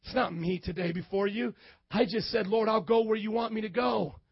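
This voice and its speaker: A middle-aged man from the American Midwest preaching a sermon, animated, shouting at times and acting out scenes. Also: high voice, normal speed, gravelly, breathy edge, no room sound, dull audio. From Midwestern United States.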